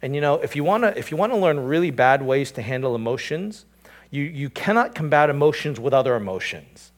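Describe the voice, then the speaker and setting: A man preaching a sermon as pastor, moving between quiet, low scripture reading and raised, emphatic points, often asking the congregation rhetorical questions. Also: animated, brisk. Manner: repeats and restarts phrases, asks the congregation rhetorical questions.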